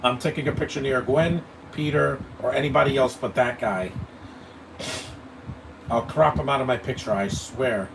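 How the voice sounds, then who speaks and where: A man's voice: medium pitch, normal speed, creaky. A man giving live movie commentary, blunt and opinionated, rambling and stammering over his words. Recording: distant mic with air-conditioning hum.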